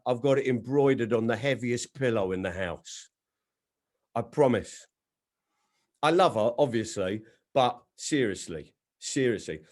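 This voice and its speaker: A man doing stand-up storytelling on a video call, swinging between loud acted quotes and low, dry asides. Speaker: stand-up comedian. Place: home setup on a video call.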